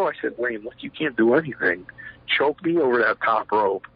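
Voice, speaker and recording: A man's voice: mid-range voice, lively intonation, fast, vocal fry, slightly rough. A middle-aged man, a former pro wrestler, telling stories in a rambling interview, full of fillers and acted-out quotes. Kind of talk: shoot interview storytelling. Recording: dull lo-fi sound, dry.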